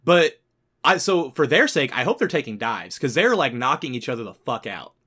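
A man with a bright, forceful voice co-hosts a casual podcast. He rants with heat, swears freely and keeps building his anger from point to point. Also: medium pitch, big pitch swings, moderate pace, husky. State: sick. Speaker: podcast co-host.

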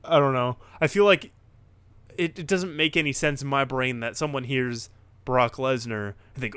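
A man co-hosting a casual wrestling chat, excitable and rambling, with lots of restarts. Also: mid-range voice, normal speed, smooth, no echo. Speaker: podcast co-host.

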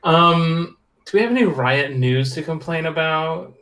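A man hosting a casual podcast, easygoing and quick to laugh. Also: a little high, crowd noise. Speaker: podcast host.

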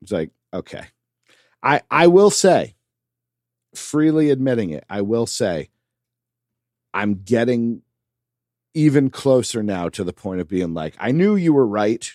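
A man co-hosting a casual podcast chat, animated and quick to laugh. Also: medium pitch, no echo, studio quality. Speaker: podcast co-host.

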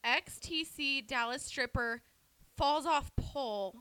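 Giggly high-voiced young woman co-host. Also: slow pace. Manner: giggly, loud, swears freely. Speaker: podcast co-host. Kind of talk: casual chat.

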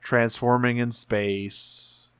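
A man's voice: mid-range voice, flat delivery, extremely slow, a bit bright, clear, resonant tone, no echo. Dry-voiced man in casual podcast chat. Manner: rambling, many restarts and fillers. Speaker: podcast co-host recapping a cartoon series.

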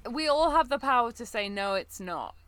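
A woman with a fairly high voice, co-hosting a podcast. She talks in a thoughtful, wry way and laughs often in casual chat. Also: expressive, moderate pace, a bit bright, smooth, dry recording. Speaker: podcast co-host.

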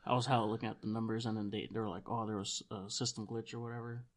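A man's voice: fairly low pitch, level tone, fast. A man co-hosting a casual podcast chat, blunt and firing off random questions.

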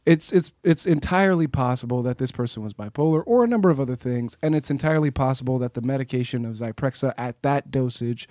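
A man's voice: medium pitch, quick pace, few pauses, a little mellow, no echo, studio quality. A man talking frankly and thoughtfully in a casual conversation, explaining his view. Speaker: podcast host.

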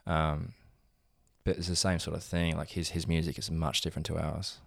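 A young man who coaches strength training, chatting casually in an interview, relaxed and rambling with many fillers. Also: a bass voice, moderate pace, vocal fry, no room sound, clean studio sound. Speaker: gym owner and strength coach.

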